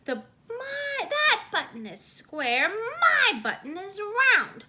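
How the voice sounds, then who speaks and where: A cranky little male toad from a storybook, wailing and shouting his complaints in a high, bright voice, as a woman puts him on. He swoops up and down in pitch. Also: very animated, takes it slowly, heavily acted.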